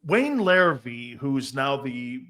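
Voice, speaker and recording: A man's voice: medium pitch, big pitch swings, slow pace, sharp tone. A man hosting a sports show, asking long, rambling questions and retelling stories with animation. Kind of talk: casual interview chat.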